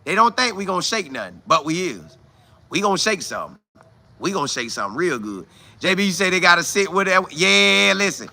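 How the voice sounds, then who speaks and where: A man's voice: high voice, sing-song, fairly quick, vocal fry, sharp tone. A man hosting a casual live stream, reading viewer comments aloud and talking straight to his audience with exclamations and repeated phrases for emphasis. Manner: talks straight to viewers, calling them y'all.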